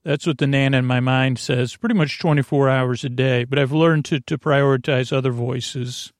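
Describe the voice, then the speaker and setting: A man hosting a bedtime podcast, talking slowly in a meandering way with lots of filler words and tangents. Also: medium pitch, steady tone, no echo, clean studio sound. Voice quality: creaky. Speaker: podcast host. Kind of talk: rambling bedtime talk.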